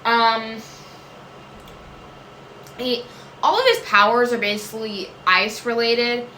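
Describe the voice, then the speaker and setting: Casting note: bright, chatty woman vlogger, rambles and trails off, recorded at home in a roomy space with a faint hiss. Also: on the high side, little pitch movement, takes it slowly. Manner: rambling and self-interrupting, many fillers and trailing "I don't know". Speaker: vlogger answering viewer questions. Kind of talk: casual chat. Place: home room. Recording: echoey room with faint noise.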